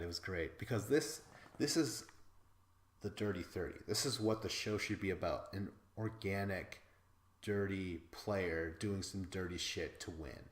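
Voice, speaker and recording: A man from Wisconsin hosting a podcast, recapping episodes in a casual, excitable way, swearing freely and laughing as he talks. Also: deep voice, echoey room. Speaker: podcast host.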